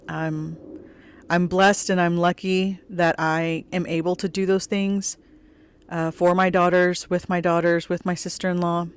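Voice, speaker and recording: A woman's voice: on the low side, clear, resonant tone. A middle-aged woman hosting her own podcast, telling a personal story in a rambling, chatty way, full of "like", with a wistful, grieving undertone. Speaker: podcast host.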